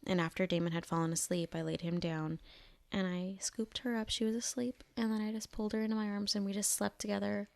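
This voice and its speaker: A young adult woman co-hosting a podcast, talking in a reflective, hesitant way with frequent pauses. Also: mid-range voice, little pitch movement, creaky, darkish tone. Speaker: podcast co-host. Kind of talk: casual podcast chat.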